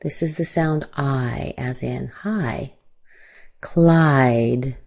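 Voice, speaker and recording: Slow, low-voiced American pronunciation teacher. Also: female voice, gravelly, a little mellow. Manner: models words slowly with stretched vowels. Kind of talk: slow, deliberate pronunciation lesson.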